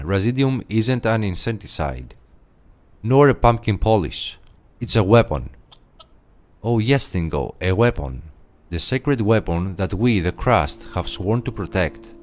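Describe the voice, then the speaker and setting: A man's voice: lowish voice, big pitch swings, a little slow. A man voicing a pompous knight of a secret order in a video game, grandiose and theatrical, slipping into game-show host patter. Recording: game audio over loud music.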